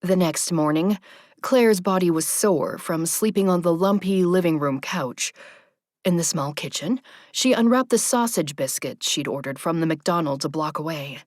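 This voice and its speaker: A woman reading an audiobook narration in a soft, even, intimate manner. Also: fairly low pitch, moderate pace, no room sound, studio quality.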